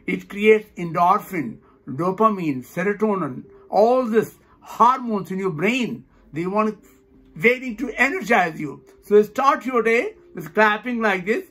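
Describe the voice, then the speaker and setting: A man's voice: high-pitched, fairly bright tone. A man leading a laughter yoga session, cheerfully coaching and breaking into laughter and rhythmic ho-ho ha-ha chants.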